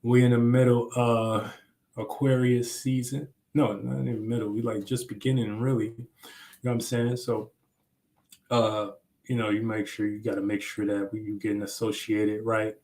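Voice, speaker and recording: A man's voice: fairly low pitch, little pitch movement, moderate pace, mellow. Slangy young man hosting a livestream. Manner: loose, slangy, rambling explanations. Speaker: astrology livestream host. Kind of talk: casual livestream talk.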